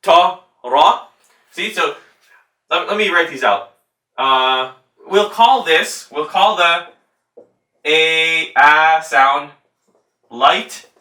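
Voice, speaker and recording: Brief: male tajweed teacher, slow patient demos, bright tone, set back in a roomy space. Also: a little high. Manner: patient, demonstrating sounds slowly and repeating them. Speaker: Quran recitation teacher. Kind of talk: tajweed lesson with spoken demonstrations. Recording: roomy sound from a distant mic.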